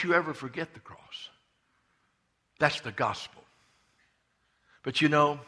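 Fervent male preacher, bright and husky. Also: on the high side, slow, long pauses. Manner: fervent preaching, swinging from loud cries to hushed asides. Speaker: pastor. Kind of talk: sermon.

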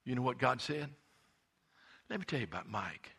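A middle-aged man preaching a sermon, telling stories and swinging between hushed asides and impassioned emphasis. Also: mid-range voice, lively intonation, normal speed, gravelly, long pauses, breathy edge. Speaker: pastor.

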